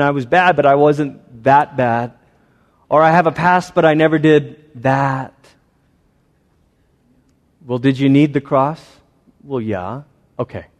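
A man's voice: a little high, long reverb tail. A man in his thirties preaching a sermon as a pastor, conversational and self-deprecating, telling stories about his family.

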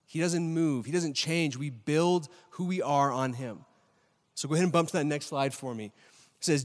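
A man in his thirties preaching a sermon in a chatty style, asking the audience questions and often checking in with "right?". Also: mid-range voice. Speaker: pastor. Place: church hall with a live audience. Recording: long reverb of a large hall.

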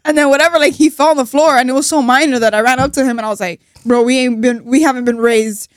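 A woman's voice: high-pitched, steady tone, no echo, clean studio sound. A young woman co-hosting a podcast, talking bluntly in casual chat and swearing often. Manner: rapid, blunt, profane. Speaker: podcast co-host.

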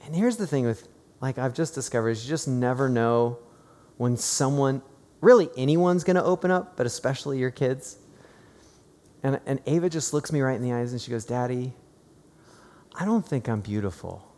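A man preaching a sermon, earnest and hushed in stories, rising to fervent, emphatic preaching. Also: mid-range voice, a little fast. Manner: tearful and hushed while telling a personal story. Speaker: pastor. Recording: long reverb of a large hall.

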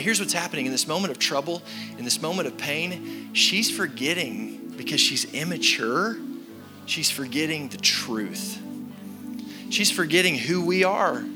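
A man in his thirties preaching a sermon as pastor, telling a story with animated shifts from loud to quiet. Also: fairly high pitch. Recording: sermon with music behind. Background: music.

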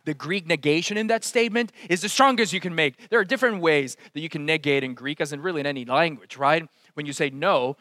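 A man preaching a sermon, swinging from loud exclamations to hushed, intense asides. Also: a little high, no room sound, studio quality. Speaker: pastor.

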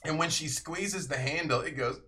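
A man narrating a tabletop role-playing game as the game master, animated and quick to laugh. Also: a little high.

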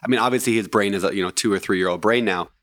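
Male host, very low voice, fast, dry close sound. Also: dry recording. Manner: relaxed, reflective, many fillers. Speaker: podcast host. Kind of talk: casual podcast interview.

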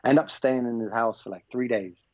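A man's voice: mid-range voice, brisk, dry recording. Man telling a story, dry and dull sound. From England. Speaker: podcast guest, basketball coach. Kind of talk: casual storytelling in an interview. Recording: slightly dull, lo-fi podcast audio.

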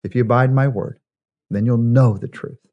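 A man teaching a Bible devotional, stressing key words slowly and asking rhetorical questions. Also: medium pitch, fairly even intonation, highs cut off. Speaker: pastor.

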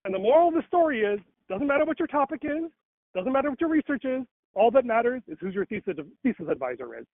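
A man's voice: extremely high pitch, sing-song, fast talker, dry recording. A man talking casually in a conversation, rambling, with many fillers and restarts. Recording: dry tinny phone-like line.

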